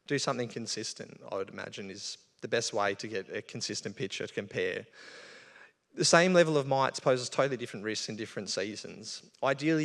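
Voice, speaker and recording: Aussie guy giving a laid-back talk to a crowd, lots of ums, big echoey hall. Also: mid-range voice. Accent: Australian. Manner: casual, conversational, with fillers. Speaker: bee researcher giving a talk. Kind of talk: live presentation to an audience. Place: event hall. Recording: long hall reverb.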